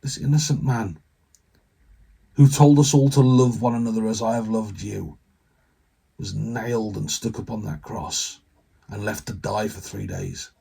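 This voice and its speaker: Vicar guy preaching, dark mellow voice, earnest and chatty, stops to let it sink in. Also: on the low side, fairly even intonation, gravelly, husky. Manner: earnest and conversational, with emotional pauses. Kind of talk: sermon.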